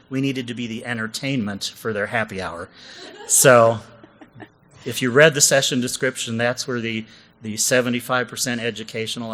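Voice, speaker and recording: A man's voice: mid-range voice, bright, forceful tone, poor audio. A man co-presenting a comedic conference session, chatty and jokey, often asking the audience questions.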